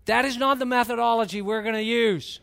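A man's voice: very high voice, steady tone, a little fast, vocal fry, fairly bright tone. A man preaching a sermon as pastor, reading and retelling a story with rising, emphatic intensity. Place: church.

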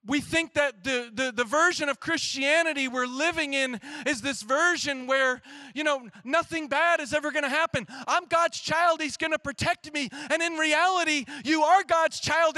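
Man, pastor, church sermon, animated, sometimes shouting, dry close sound, forceful tone. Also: very high voice, no echo.

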